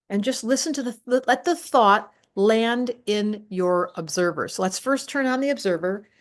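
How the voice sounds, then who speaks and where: A woman's voice: medium pitch, moderate pace, few pauses. An older woman presenting a live online astrology class, talking emphatically and directly to her viewers. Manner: animated, emphatic teacher addressing viewers directly.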